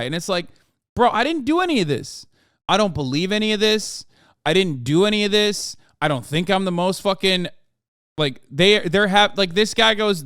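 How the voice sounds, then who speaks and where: A man's voice: high voice, expressive, moderate pace, fairly bright tone, smooth, no echo, studio quality. A man in his thirties ranting on a livestream, exasperated and profane, often pressing his points with a repeated "okay?". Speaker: streamer reacting to posts. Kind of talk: casual livestream rant.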